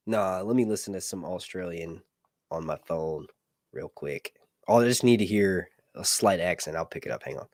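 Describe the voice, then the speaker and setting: A man's voice: on the low side, lively intonation, fairly quick, no room sound, clean studio sound. A young man hosting a casual livestream, rambling and joking crudely. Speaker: YouTube show host.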